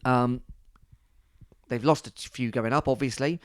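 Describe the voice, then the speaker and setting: A male podcast co-host talking in relaxed, joking banter at a mid-range pitch. His voice is recorded close and dry, with no room sound. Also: measured pace, no room sound. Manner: jokey, playful banter. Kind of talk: casual chat.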